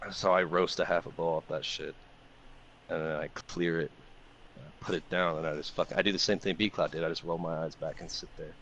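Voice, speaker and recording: A man co-hosting a podcast, telling a long profane party story in a loose, animated way. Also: low-pitched, fairly quick, highs cut off, slight background noise. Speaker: podcast co-host. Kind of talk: casual storytelling chat.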